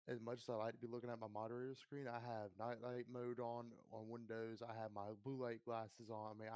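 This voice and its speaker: A man's voice: mid-range voice, a little mellow, no room sound. A man co-hosting a casual gaming podcast, tired from long work nights, chatty and self-deprecating. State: tired from work, sore eyes. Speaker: podcast co-host and streamer.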